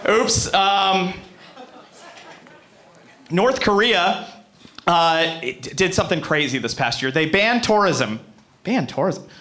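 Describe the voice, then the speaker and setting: A brash American man performs stand-up on a comedy club stage. His voice sits high and rings bright and forceful as he swears freely and keeps turning to talk straight to the crowd. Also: lively intonation, slow, long pauses. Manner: brash, profane, rambling asides to the crowd.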